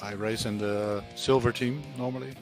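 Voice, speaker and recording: A man's voice: medium pitch, steady tone, moderate pace, over music. A man from the Netherlands with a Dutch accent, a team driver chatting casually and modestly as a guest. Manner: modest, hesitant, laughs easily. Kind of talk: casual chat.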